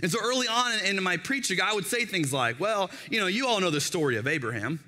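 A pastor in his thirties preaches a sermon with animated storytelling, acting out the voices of the people in his stories. His voice sits high and moves fast, echoing with a long hall reverb.

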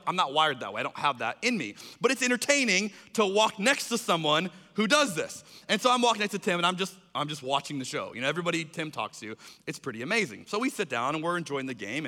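A man telling a funny personal story to an audience and acting out the people in it. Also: sits high. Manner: animated, acts out other people's lines in raised voices. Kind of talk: storytelling talk. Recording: long hall reverb.

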